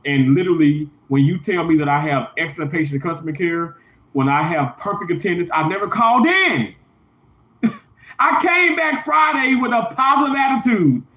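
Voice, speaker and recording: A man livestreaming from a hotel room, venting in an emphatic, repetitive, indignant way. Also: sits high. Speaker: YouTuber livestreaming. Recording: roomy, dull lo-fi sound.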